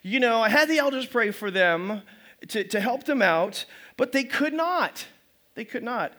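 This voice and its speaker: A man's voice: very high voice, expressive, unhurried, sharp tone. A man pastor preaching a sermon in a loose, conversational way, often restarting his phrases. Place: church service.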